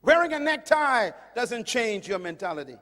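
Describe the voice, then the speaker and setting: A man from the Caribbean with a high-set voice preaches a sermon in a big hall, and the long reverb trails after each phrase. He hammers his points loudly, then drops to a hushed, low tone, recorded in a large auditorium. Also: sing-song, normal speed. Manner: emphatic, swinging from loud to hushed.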